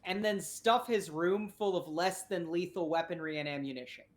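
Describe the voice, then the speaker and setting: A woman's voice: on the low side, normal speed. A woman narrating a tabletop game as game master, chatty and rambling, swearing casually.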